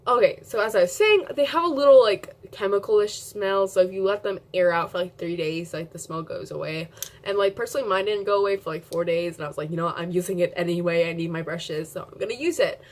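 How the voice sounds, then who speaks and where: A woman's voice: fairly low pitch, fast. A young woman vlogging at home into her camera mic, chatty and giggly, rambling with lots of filler words. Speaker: beauty vlogger. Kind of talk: casual rambling vlog.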